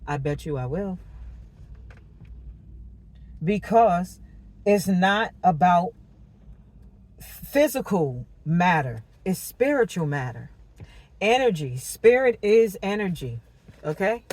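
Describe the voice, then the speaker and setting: A woman doing a casual tarot reading monologue, animated and slangy, laughing and cursing as she talks. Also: on the low side, takes it slowly, long pauses. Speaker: tarot reader.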